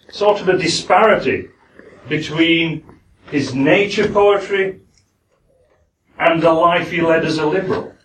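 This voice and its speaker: A man with a Yorkshire accent giving a lecture-style speech at a forum. He talks haltingly, with many "uh"s and self-deprecating asides. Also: on the high side, a little hiss or hum. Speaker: guest speaker at a forum. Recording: echoey hall, speaker far from the mic.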